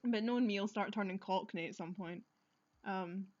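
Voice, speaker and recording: With a medium-pitched, slightly mellow voice at a moderate pace, a woman streams a let's-play, giving casual commentary and reading game dialogue aloud. She laughs often and teases herself; the recording's highs are cut off.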